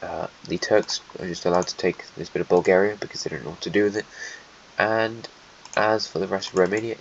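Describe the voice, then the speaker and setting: Lowish guy narrating a map, sarcastic and offhand, dull mic, faint hiss, keys clicking behind. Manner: offhand, sarcastic, mutters asides while drawing. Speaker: alternate history narrator. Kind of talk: casual map-drawing narration.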